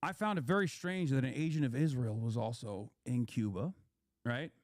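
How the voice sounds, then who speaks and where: A man's voice: mid-range voice, moderate pace, a little mellow, no room sound, studio quality. Heated, profane young man ranting. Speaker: political commentator. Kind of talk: profane streaming rant.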